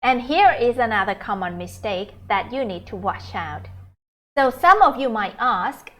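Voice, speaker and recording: A woman's voice: fairly high pitch, animated. A woman teaching an English grammar lesson, carefully reading out example sentences and questions. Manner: slow, clear teacher talk, stressing example sentences.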